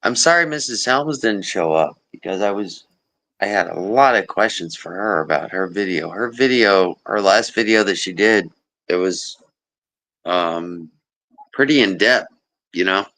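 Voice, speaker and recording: A man chatting casually on a stream, easygoing and filling pauses with hesitant ums and uhs. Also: low-pitched, lively intonation, a bit bright. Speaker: stream guest. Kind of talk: casual chat.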